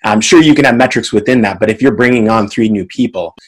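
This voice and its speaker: A man hosting an interview, asking questions in a relaxed way with hesitant fillers. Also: lowish voice, fast, low-quality recording. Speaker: interview host.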